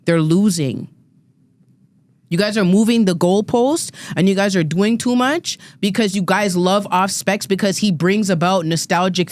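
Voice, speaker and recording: This podcast guest panelist, a woman in her thirties, rants heatedly and profanely, stumbling and emphatically repeating words as she gets worked up. Her voice is mid-range, recorded with no room sound.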